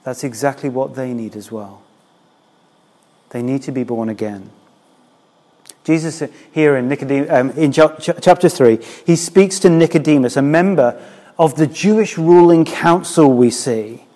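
A man's voice: mid-range voice, moderate pace, warm tone, big-room sound. A man, a church minister, preaching a sermon in a candid, conversational way.

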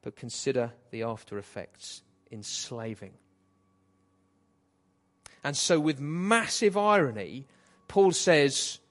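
A man preaching an expository sermon, reading scripture and paraphrasing it in a lively, dramatic way. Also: medium pitch, slow, long pauses.

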